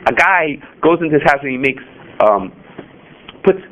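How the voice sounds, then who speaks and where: A man teaching a class on Jewish law, animated and rhetorical, often asking questions and answering them himself. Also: fairly high pitch, normal speed, muffled recording. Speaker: Torah teacher. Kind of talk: halacha class.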